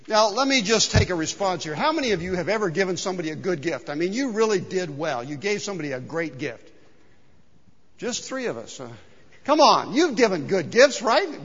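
Animated man preaching in an echoing hall. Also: sits high, moderate pace, slightly rough. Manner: animated, conversational, engages congregation. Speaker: pastor. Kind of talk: sermon. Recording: dull recording with long hall reverb.

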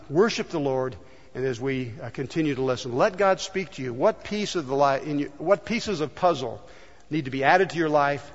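A man preaching a sermon as pastor, earnest and acting out the voices in the stories he tells. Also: mid-range voice. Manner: earnest, acts out quoted voices in storytelling. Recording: dull echoey church hall.

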